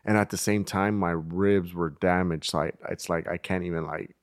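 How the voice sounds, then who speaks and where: A man's voice: low-pitched, steady tone, moderate pace, no room sound, clean studio sound. A young man, a podcast co-host, telling stories in a laid-back, slangy way. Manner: laid-back storytelling, slangy, acts out quoted voices. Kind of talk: casual chat.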